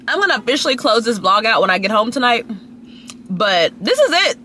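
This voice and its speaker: A woman's voice: very animated, a little fast, pushed and bright, slight background noise. A young woman, chatting casually and gossipily to her phone camera at a restaurant. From Dallas, Texas. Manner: gossipy and chatty, swooping pitch jumps. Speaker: lifestyle vlogger. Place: at a restaurant, people watching.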